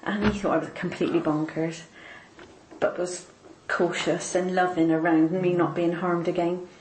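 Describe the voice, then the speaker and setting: A woman with a somewhat low voice recounts a deeply personal story, her words halting and repeating as emotion rises. The room around her gives her voice a noticeable echo. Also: level tone, a little mellow, slight background noise. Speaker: interviewee. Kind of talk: personal faith testimony. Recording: roomy echo.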